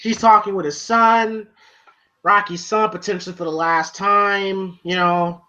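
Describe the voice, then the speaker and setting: Rambling man with a bright voice. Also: sits high, fairly even intonation, a little slow. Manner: rambling, heavy on filler words. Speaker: movie reviewer. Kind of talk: casual podcast chat. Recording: dull lo-fi sound.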